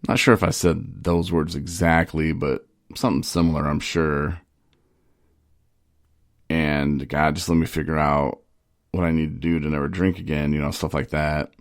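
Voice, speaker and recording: A man's voice: very deep voice, flat delivery, normal speed, dry recording, clean studio sound. A man telling a candid personal story in a loose, rambling way, full of "you know" fillers. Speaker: podcast host in recovery.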